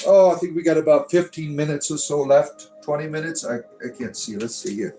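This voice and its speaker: A man's voice: a little high, a little fast, few pauses, mellow, faint music behind, low-quality recording. A man hosting a casual livestream, talking bluntly and swearing casually. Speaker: livestream host.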